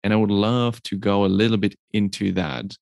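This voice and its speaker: Deep gravelly host asking slowly. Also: male voice, fairly even intonation, a little mellow, no echo, studio quality. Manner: slow, hesitant phrasing with fillers. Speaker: podcast host. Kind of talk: interview questions.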